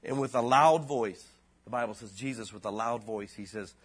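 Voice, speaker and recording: A pastor preaching a sermon in a casual, slangy way, his voice dropping low and then rising loud. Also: moderate pace, breathy edge.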